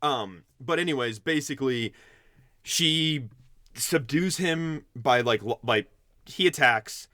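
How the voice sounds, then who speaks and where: A man's voice: medium pitch, takes it slowly, pushed and bright, no echo, studio quality. A man co-hosting a podcast, recapping a movie plot in a rambling, profane way with frequent laughs. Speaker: podcast co-host. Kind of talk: casual chat, recapping a movie.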